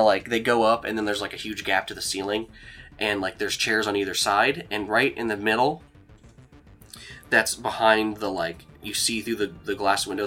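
A man narrating as game master, rambling with lots of fillers. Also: lowish voice. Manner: rambling, filler-heavy, relaxed.

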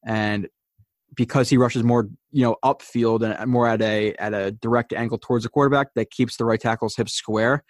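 A man's voice: mid-range voice, steady tone, moderate pace, no echo, studio quality. A man hosting a show, casually breaking down football game film, thinking aloud with many fillers and restarts. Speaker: host.

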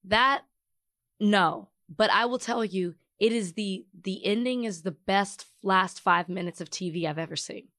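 A woman's voice: medium pitch, measured pace, fairly bright tone, no echo, studio quality. A woman co-hosting a podcast, talking casually while congested and sick. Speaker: podcast co-host. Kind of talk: casual chat.

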